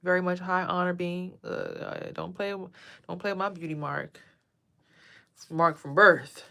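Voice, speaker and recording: A woman's voice: lowish voice, steady tone, a little slow, gravelly, bright, forceful tone. A woman giving a casual tarot reading on a phone livestream, chatting to viewers and drifting between the cards and asides. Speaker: tarot reader.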